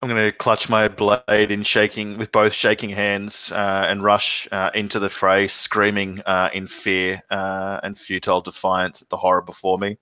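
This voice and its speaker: Male player, very low and flat, narrating his actions dramatically; dry sound. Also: moderate pace, few pauses, clean tone, dry recording. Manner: dramatic first-person narration mixed with dice talk. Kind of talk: narrating his character's actions in a tabletop game.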